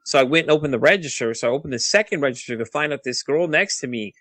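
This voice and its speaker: A man in his thirties tells his story in a quick, bright, forceful voice, recorded close and dry with no room sound. He swears often and tumbles over his words, restarting sentences as he rushes ahead. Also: medium pitch, dry recording. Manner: rapid, profane, restless recounting with many restarts. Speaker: podcast guest. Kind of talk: casual storytelling.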